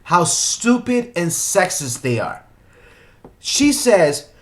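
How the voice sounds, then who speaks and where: A man's voice: high-pitched, very animated, a little slow. A young man ranting about a movie in an exasperated, opinionated way, firing off rhetorical questions. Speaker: movie commentator.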